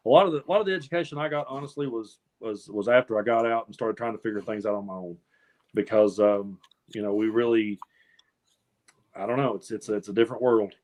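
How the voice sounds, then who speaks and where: A man's voice: fairly low pitch, quick pace, a little mellow. A man from the American South co-hosts a casual news chat. He rambles earnestly and often restarts and repeats his words mid-thought. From Appalachian South, US. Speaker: co-host.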